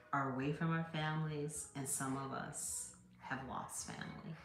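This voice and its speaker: A woman's voice: deep voice, gravelly, reverberant. A woman reading tarot who tells a heartfelt story to her viewers, hesitant, with many fillers and restarts. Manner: heartfelt, earnest. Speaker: tarot card reader.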